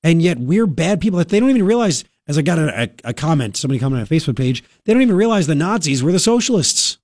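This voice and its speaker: Radio talk show guy, sarcastic and worked up, kinda high voice, dry close studio mic. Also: sing-song, rapid-fire, darkish tone, no echo. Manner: sarcastic, indignant ranting. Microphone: studio microphone.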